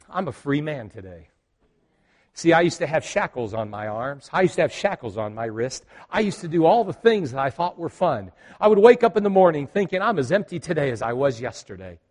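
A middle-aged man preaching with a lively, animated voice that climbs and falls as he tells a story. He acts out the other people in it, and his voice sits a little high for a man. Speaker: pastor. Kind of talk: sermon with personal story.

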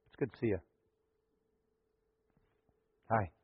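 A pastor delivering a lively sermon in a church, acting out the scenes of his story and joking with the congregation. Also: very fast, dull audio. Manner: animated storytelling, acts out scenes, jokes with the congregation. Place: church sanctuary.

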